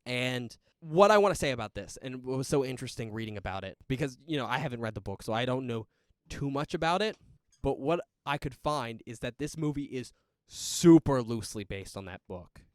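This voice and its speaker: A man in casual conversation as a podcast co-host, quick to laugh and animated as he goes. His voice sits at an ordinary pitch. The sound is dry and close. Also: dry recording. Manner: chatty, animated, laughs often. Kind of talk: casual movie chat.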